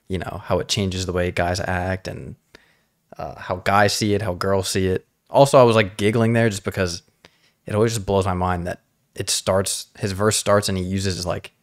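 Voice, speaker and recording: A man's voice: sits low, steady tone, moderate pace. A young man reacting to songs with his father, talking in an enthusiastic, gushing way. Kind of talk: casual reaction chat.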